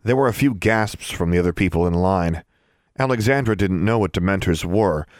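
A man with a very deep voice reads a fantasy novel aloud at a steady, even pace. The recording is dry and close, with no room sound. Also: no room sound. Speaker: narrator. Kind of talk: audiobook narration.

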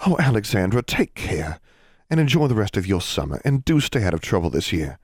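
A man's voice: lowish voice, sing-song, fairly quick, breathy edge, no room sound, clean studio sound. A man reading the lines of an affectionate teenage girl in an audiobook, lifting his voice a little. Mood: fond. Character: affectionate teenage girl, the heroine's warm sister.

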